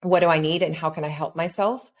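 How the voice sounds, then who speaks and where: A woman's voice: low-pitched, fairly even intonation, quick pace. A woman hosting a podcast, reflectively retelling her own past thoughts in casual conversation. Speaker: podcast host.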